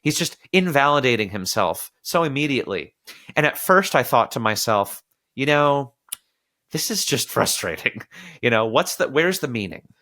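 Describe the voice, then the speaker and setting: A man hosts a podcast about film, talking in a casual, animated way. His voice is bright and clear, at an ordinary middle pitch. Now and then he slips into quick acted voices to quote the characters. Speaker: podcast host.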